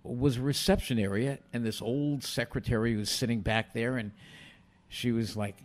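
An older man, a guest telling animated stories from his past and acting out other people's lines. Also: medium pitch, moderate pace. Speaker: interview guest. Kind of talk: storytelling in a podcast interview.

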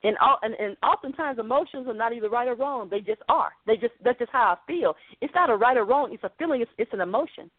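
Woman, preacher, earnest, conversational, higher pitch, dry, narrow phone-like audio. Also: lively intonation, fast, few pauses, no echo. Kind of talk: podcast sermon.

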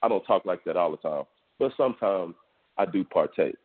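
A man's voice: deep voice, expressive, brisk, breathy edge. A Texan man hosting a podcast, telling a sports story in a loose, profane, casual monologue. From Texas, US. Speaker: podcast host. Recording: tinny phone-like audio.

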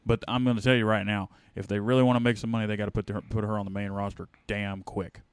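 A man's voice: fairly low pitch, little pitch movement, fast, clean tone, no room sound. A middle-aged man co-hosting a casual wrestling podcast, rambling with lots of filler words. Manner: rambling, many "you know" fillers. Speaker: podcast co-host.

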